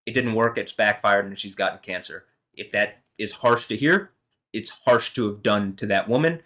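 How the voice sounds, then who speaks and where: A man's voice: on the low side, moderate pace, bright, forceful tone. A man vlogging alone, talking in a meandering, heated way with lots of fillers and some swearing. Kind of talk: rambling solo monologue.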